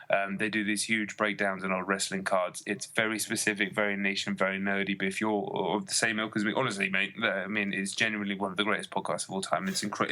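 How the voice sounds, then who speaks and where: Rambling low-voiced man, bright tone. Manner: rambling, enthusiastic, many fillers. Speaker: podcast co-host. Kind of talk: casual chat.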